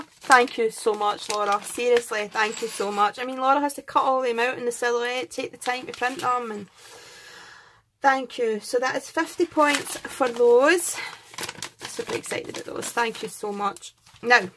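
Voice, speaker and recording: A woman's voice: a little high, normal speed, a bit bright, slight background noise. A Scottish woman hosting a craft channel, chatting casually and gushing as she unboxes and counts items aloud. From Scotland.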